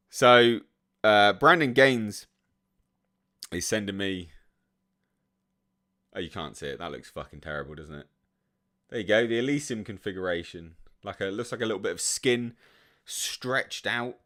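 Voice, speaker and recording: A British man chatting casually on a live stream, reading out chat messages, relaxed and full of swearing and ums. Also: lowish voice. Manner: laid-back, swears freely, many ums and restarts.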